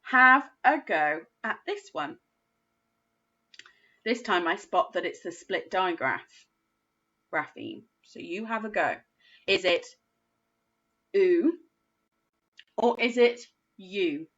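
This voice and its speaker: A woman teaching a phonics lesson to young children, sounding out words slowly and praising often. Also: fairly low pitch, very animated, sharp tone, dull audio. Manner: slow, sing-song sounding out of words, encouraging. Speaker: primary school phonics teacher.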